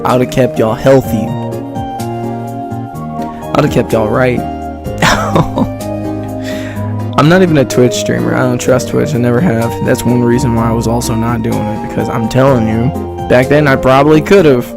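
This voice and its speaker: A young male streamer rambles casually and drops plenty of slang. His mid-pitched voice has a gravelly fry. Music runs steadily in the background. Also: fairly even intonation, normal speed, long pauses. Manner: laid-back, rambling, slangy, laughs often. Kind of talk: casual livestream reaction chat. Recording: music playing behind.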